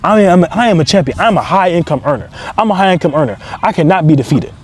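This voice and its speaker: A man's voice: high voice, expressive, fast talker, slightly rough. A man giving an emphatic motivational talk outdoors, driving his points home with repeated affirmations. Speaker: entrepreneur and motivational speaker.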